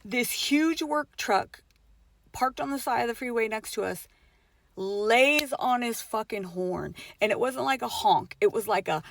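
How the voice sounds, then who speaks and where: A woman's voice: fairly high pitch, lively intonation, measured pace, creaky. A middle-aged mother telling a personal story in a casual vlog, swearing often, with lots of fillers and emphatic swings.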